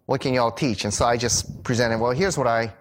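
A middle-aged man telling a personal story in a sermon, animated and acting out the voices of the people he quotes. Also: fairly quick. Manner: animated storyteller who acts out quoted voices with big pitch jumps. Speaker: Bible teacher and speaker.

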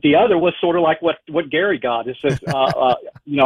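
A man with a Southern US accent talks in a chatty, folksy way and laughs easily. His voice sits slightly high. It comes through a tinny, phone-like line that is dry and close. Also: a little fast, slightly rough, dry recording. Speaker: philosophy professor, guest. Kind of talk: interview answers.

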